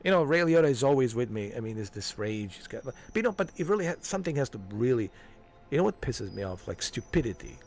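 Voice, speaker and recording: A man's voice: medium pitch, sing-song, fast talker, creaky, darkish tone, soft background music. A man ranting on a game livestream, heated and profane, dropping "man" and "dude" as he hammers his points home. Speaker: livestream gamer. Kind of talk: casual ranting livestream chat.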